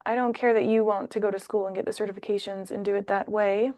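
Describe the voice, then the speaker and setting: A woman talks through a tarot spread in a loose, chatty way, jumping into playful little voices as she goes. Her pitch sits in the middle for a woman. The sound is close and dry, with almost no room in it. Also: level tone, fast talker, warm tone, no room sound. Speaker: tarot reader. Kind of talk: casual tarot reading to camera.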